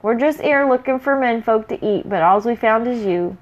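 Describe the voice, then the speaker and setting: A woman's voice: on the high side, lively intonation, normal speed, lo-fi sound, lightly acted. A woman voicing a daft, smaller male half-troll underling with a dopey, dropped-h way of talking. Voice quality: daft-sounding, dropped h's.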